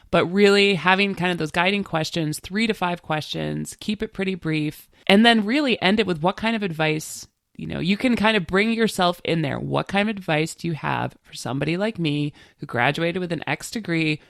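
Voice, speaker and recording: A woman's voice: sits low, a bit bright, dry recording, clean studio sound. A woman talking as a guest on a podcast, casual and enthusiastic. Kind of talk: casual conversation.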